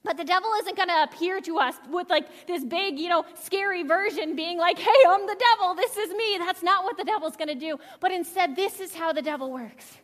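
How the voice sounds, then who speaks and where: A woman pastor preaching a sermon with energetic, earnest delivery and quick restarts. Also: very high-pitched. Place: church sanctuary. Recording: long reverb of a church hall.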